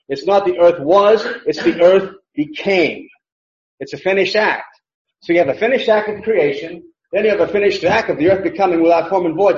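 Man, preacher, sermon, emphatic, rhetorical questions, fairly high voice, echoey dull recording. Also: darkish tone. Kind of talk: sermon teaching.

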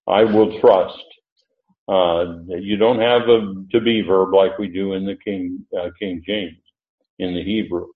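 A man teaching through a Bible passage verse by verse, thinking aloud with many pauses and restarts. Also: low-pitched. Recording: echoey room on a tinny, phone-like line.

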